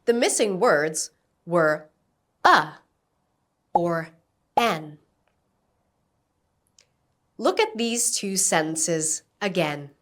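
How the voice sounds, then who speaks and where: A woman teaching an English lesson, giving slow, carefully enunciated instructions and modelling words for repetition. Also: lowish voice, very animated, fairly bright tone. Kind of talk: slow, clear classroom instruction.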